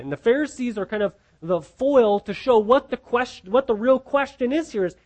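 A man's voice: very high-pitched, a little fast, few pauses, darkish tone. A man preaching a sermon, teaching in a conversational way with rhetorical questions and frequent restarts.

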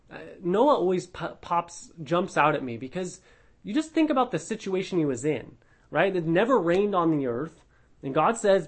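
High-voiced man leading a Bible study. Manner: conversational, earnest, with fillers and restarts. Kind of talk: reading scripture then teaching.

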